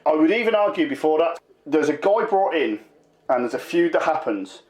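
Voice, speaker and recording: A man's voice: a little high, sing-song, moderate pace, darkish tone. A man, chatting casually about wrestling as a podcast co-host, rambling and emphatic. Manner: rambling, emphatic, full of fillers. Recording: roomy echo.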